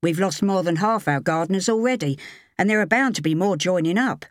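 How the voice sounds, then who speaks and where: A woman voicing a kind, easygoing younger male assistant who speaks calmly and reassuringly. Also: lowish voice, fairly quick, no echo, studio quality, natural voice.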